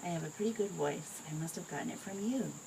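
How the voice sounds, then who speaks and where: A woman reading a picture book aloud to her child in a gentle, expressive way. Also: fairly low pitch, quick pace. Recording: home recording with clear background noise.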